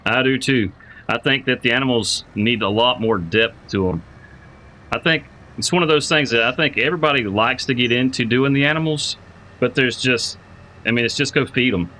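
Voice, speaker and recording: Bright-voiced man chatting on a game stream. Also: mid-range voice, moderate pace, a little hiss or hum, poor audio. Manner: rambling, repeats words while thinking aloud; friendly, greets chat viewers by name. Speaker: livestreamer playing a farming game. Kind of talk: casual live-stream chat.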